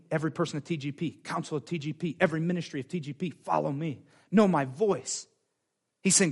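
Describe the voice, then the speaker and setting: A man preaching a sermon in a church, animated, repeating phrases and acting out quoted voices. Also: a little high, fairly quick. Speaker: pastor. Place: church sanctuary.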